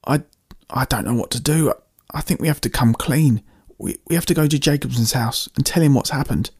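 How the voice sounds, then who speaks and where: A man reading a storybook, voicing a calm, practical woman inventor giving instructions. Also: mid-range voice, fairly quick, husky, no room sound, studio quality, pitched above the performer's own voice, natural voice.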